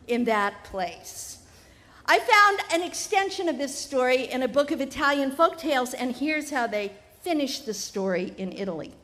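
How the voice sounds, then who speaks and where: A woman telling a fable to a family audience, animated and conversational. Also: high-pitched. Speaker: storyteller. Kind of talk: live storytelling for families. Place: festival tent. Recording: live tent with long reverb.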